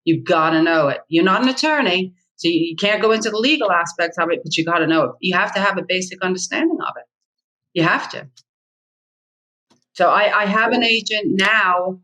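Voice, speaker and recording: Blunt, bright-voiced middle-aged woman. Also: lowish voice, a little fast, rough recording. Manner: blunt, emphatic, repeats key points. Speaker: real estate agent, guest. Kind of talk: candid interview talk.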